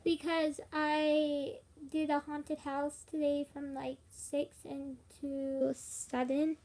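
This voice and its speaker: A woman's voice: sits high, flat delivery, takes it slowly, a little mellow. A tired young woman chatting casually on a live stream, rambling with fillers. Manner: rambling, with frequent fillers and laughs.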